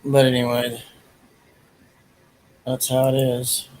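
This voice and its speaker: A man's voice: medium pitch, monotone, takes it slowly, a little mellow, slight background noise, low-quality recording. A man hosting a livestream, chatting casually in a rambling way with crude jokes and lots of fillers. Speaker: livestream host. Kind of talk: casual chat.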